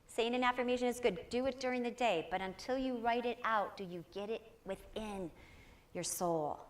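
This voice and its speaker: At a spiritual center, a woman with a higher-pitched voice leads a lively, encouraging inspirational session in front of a live audience. She speaks at normal speed and prompts listeners to respond aloud.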